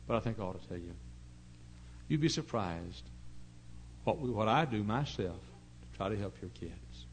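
A middle-aged man pastor preaching a sermon in an earnest storytelling way, dropping to hushed asides and rising to loud emphasis. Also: fairly low pitch, lively intonation, moderate pace, slight background noise, poor audio. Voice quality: gravelly.

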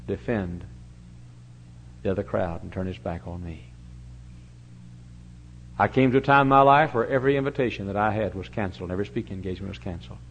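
An older man preaching a sermon in a church. He tells stories with big swings from loud to hushed. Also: on the low side. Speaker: pastor. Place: church sanctuary. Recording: dull, lo-fi church recording with faint hum.

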